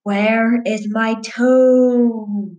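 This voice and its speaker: A woman voicing a groaning unseen creature that hunts its lost toe, dragging each word out slowly in a moaning voice. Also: fairly high pitch, fairly even intonation, darkish tone, reverberant, muffled recording, faint music behind. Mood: eerie. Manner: slow drawn-out moaning.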